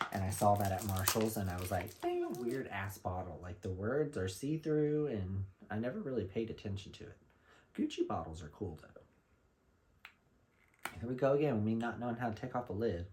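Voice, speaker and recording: Lower-voiced man, gossipy haul vlogger. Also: background noise. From Florida, USA. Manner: animated, gossipy storytelling with blunt slang. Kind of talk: casual haul vlog.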